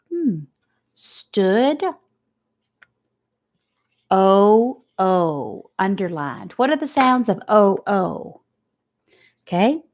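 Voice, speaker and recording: Woman teacher, very slow and deliberate phonics lesson for kids, sounds out each letter. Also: medium pitch, big pitch swings. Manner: asks questions and praises. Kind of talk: spelling lesson for children.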